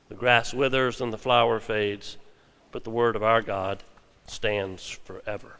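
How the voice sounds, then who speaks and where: A man preaching a sermon as pastor, speaking in measured phrases and slowing for emphasis. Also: on the low side, little pitch movement, pushed and bright, clear, resonant tone, big-room sound. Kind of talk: sermon with scripture reading.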